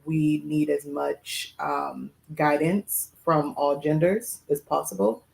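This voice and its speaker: A young adult woman co-hosting a podcast, talking thoughtfully and hesitantly with many pauses and fillers. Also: low-pitched, steady tone, gravelly, a little mellow, poor audio. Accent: Boston. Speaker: podcast co-host. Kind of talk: casual chat.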